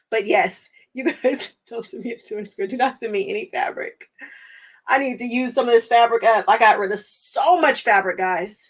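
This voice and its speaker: A woman's voice: a little high, moderate pace. An American woman hosting a quilting livestream, chatting casually with viewers, laughing often and thinking aloud with lots of fillers.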